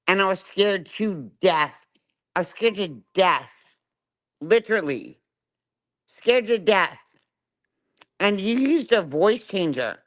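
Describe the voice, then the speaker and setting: A woman's voice: mid-range voice, a bit bright. A middle-aged woman ranting angrily on her livestream, swearing and confronting someone, and keeps asking "right?". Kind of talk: angry live-stream rant.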